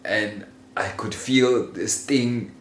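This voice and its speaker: A man telling a childhood story in a casual, animated way, laughing often and swearing freely. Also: on the low side, slow. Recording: roomy echo with faint ambient noise.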